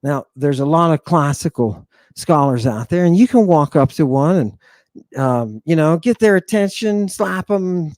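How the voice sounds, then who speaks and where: A man's voice: a little high, unhurried, no echo. Theatrical man teaching like a drill sergeant. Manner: animated, teasing. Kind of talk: online Ancient Greek lesson.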